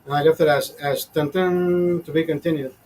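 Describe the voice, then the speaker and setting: A fifty-year-old man rants through a rambling story, cursing freely and sounding fed up. His voice sits a bit high for a man. A faint hiss of background noise sits under the recording. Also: little pitch movement, quick pace, darkish tone, low-quality recording. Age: 50s. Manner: profane, exasperated, rambling. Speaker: show host. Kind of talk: casual storytelling rant. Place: small studio.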